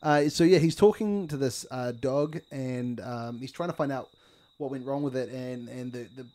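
A man's voice: medium pitch, moderate pace, darkish tone. A man co-hosting a comedy podcast, chatting playfully and laughing often. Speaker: podcast co-host. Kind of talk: comedic improv chat.

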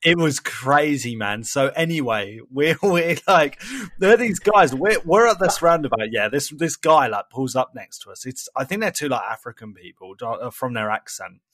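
An animated man, chatting casually on a podcast. He laughs often as he tells his stories. The sound is dry, with no room echo. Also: medium pitch, normal speed. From England. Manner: laughing storyteller, animated impressions. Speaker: podcast co-host. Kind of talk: casual chat.

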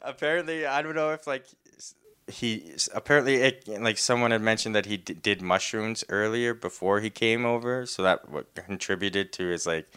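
A young man tells a story in casual chat. He rambles, fills every pause with "like" and often breaks into laughter. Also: lowish voice, bright, forceful tone, clear, resonant tone, no room sound, studio quality.

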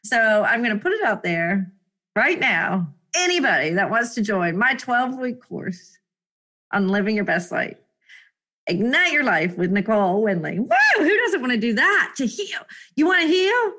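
A fairly high-voiced woman hosts her own solo motivational podcast. She talks in an emotional, effusive way, often repeating phrases for emphasis and breaking into laughter. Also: very animated, moderate pace, pushed and bright. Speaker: podcast host.

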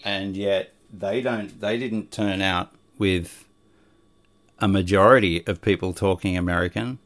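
A man hosting a podcast, talking in a gentle, reassuring way. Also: sits low, steady tone, unhurried. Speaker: podcast host. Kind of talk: casual chat.

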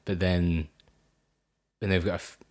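A man's voice: deep voice, flat delivery, measured pace. A young man with a Scottish accent co-hosting a podcast, swearing freely and teasing dryly in casual chat. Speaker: podcast co-host.

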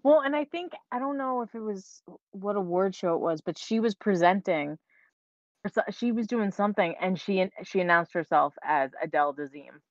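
A woman co-hosting a podcast in casual chat, blunt and quick to laugh, with the odd swear word. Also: medium pitch, expressive, no echo. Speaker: podcast co-host. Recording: dull lo-fi recording.

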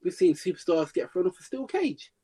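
A man co-hosting a casual podcast chat, giving emphatic, animated opinions. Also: high voice, brisk, slightly rough. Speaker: podcast co-host.

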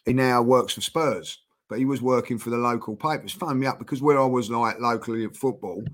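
A man's voice: mid-range voice, a little fast, a bit bright. A middle-aged man, a guest on a chat show, telling a story in a casual, rambling way with many restarts and repeated words.

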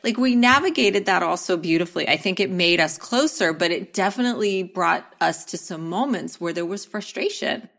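A woman's voice: fairly low pitch, lively intonation, moderate pace, gravelly, few pauses, fairly bright tone. A woman co-hosting a casual podcast, talking in an enthusiastic, emphatic way. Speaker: podcast co-host.

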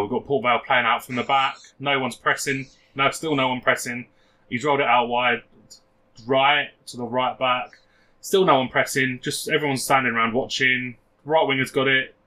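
A man's voice: medium pitch, fairly even intonation, moderate pace, pushed and bright. A man co-hosting a football podcast, chatting casually and doing joking match commentary. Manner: laddish, self-mocking. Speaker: podcast co-host.

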